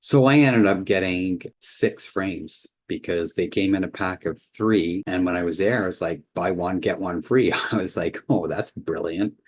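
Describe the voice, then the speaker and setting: A man casually showing off his home photo prints, rambling and restarting his sentences, plainly impressed. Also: deep voice. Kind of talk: casual home video walkthrough.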